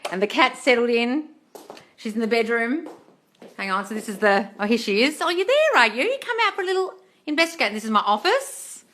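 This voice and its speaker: A woman's voice: fairly high pitch, sing-song, a little fast, fairly bright tone. A woman hosting a casual phone livestream from her new apartment, chatty, reading comments aloud and calling viewers darling. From Australia. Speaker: manifesting coach hosting a livestream. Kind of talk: casual livestream chat and advice.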